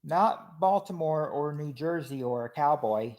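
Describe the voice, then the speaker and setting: A man's voice: fairly high pitch, expressive, unhurried, a little mellow. A man casually hosting a family game show on a livestream, reading out viewers' answers and names, with a lot of hesitant restarts. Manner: chatty, reads chat names, hesitant restarts.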